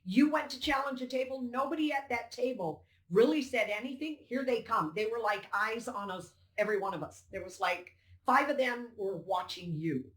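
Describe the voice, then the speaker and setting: A woman's voice: a little high, expressive, normal speed, fairly bright tone. An older woman giving an emphatic, indignant interview account, acting out the dialogue as she tells it. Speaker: poll challenger recounting events. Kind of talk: interview testimony. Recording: roomy echo.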